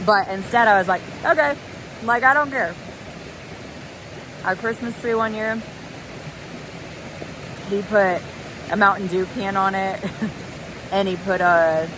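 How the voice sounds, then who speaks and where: A woman, chatting to the camera about her hike in a giggly, storytelling way. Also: fairly low pitch. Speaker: thru-hiker vlogger. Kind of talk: casual vlog talk to camera. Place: outdoors by a waterfall and creek. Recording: noisy outdoor recording.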